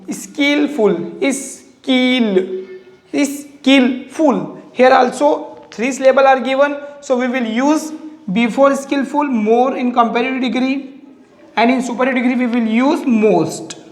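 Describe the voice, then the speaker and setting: A teacher giving a grammar lesson, slowly repeating and drilling each word aloud. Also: high voice, fairly even intonation, reverberant, long reverb tail. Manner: slow, repetitive explaining, drilling words aloud.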